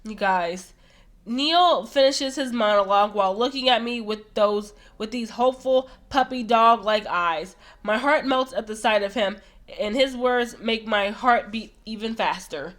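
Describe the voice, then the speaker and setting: A woman reading a visual novel aloud for her channel, gushing and excitable between passages. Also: a little high, measured pace. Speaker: let's play host.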